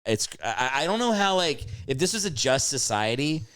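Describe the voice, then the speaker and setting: Man, podcast guest, casual chat, clear resonant voice, animated and profane. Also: medium pitch, moderate pace, dry recording, studio quality. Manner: animated storyteller, swears freely, acts out quotes.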